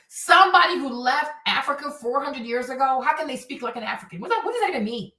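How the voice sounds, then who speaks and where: A woman with a high voice delivers a blunt, profane rant on her livestream, slipping in mocking asides. She sits a little away from the mic in an echoey room. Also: expressive, fast talker, hardly any pauses, sharp tone, far from the mic. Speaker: streamer host.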